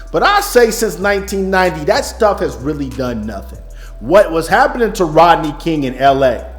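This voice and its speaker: A man delivering an impassioned, blunt, profane monologue as a music business coach. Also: fairly high pitch. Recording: echoey room, faint music.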